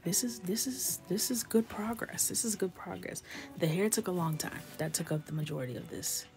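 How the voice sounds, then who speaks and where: A woman's voice: lowish voice, fairly quick, a little mellow. A woman hosting a coloring livestream, chatting casually, laughing and reacting to viewers' comments. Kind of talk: casual chat while coloring.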